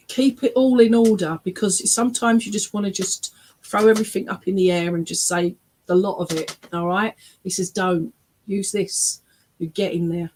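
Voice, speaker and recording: A woman's voice: lowish voice, a little mellow. Reassuring English woman medium. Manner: reassuring, frequent "all right?" and "okay?" check-ins. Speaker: spiritualist medium. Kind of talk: online church service reading. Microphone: webcam on a video stream.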